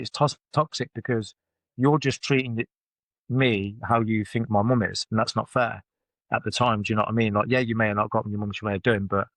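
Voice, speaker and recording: A podcast guest tells his life story in a studio, blunt and swearing freely, his phrasing loose and run-on. His voice is lowish with a fairly bright tone, and the recording is dry.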